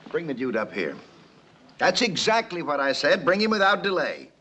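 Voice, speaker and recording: An actor playing a pompous, indignant city mayor in a 1960s film. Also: male voice, on the high side, wildly swooping pitch, moderate pace, bright, forceful tone, a little hiss or hum, full character voice. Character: flustered big-city mayor, middle-aged, self-important.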